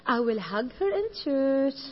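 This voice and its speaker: A Lebanese-accented woman, a church leader, gives her testimony in slow, deliberate English over a dull, lo-fi recording. Her voice sits fairly high and has a husky edge. She talks earnestly and repeats phrases, building them up to passionate emphasis. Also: sing-song. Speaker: church leader speaking to women. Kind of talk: personal testimony sermon.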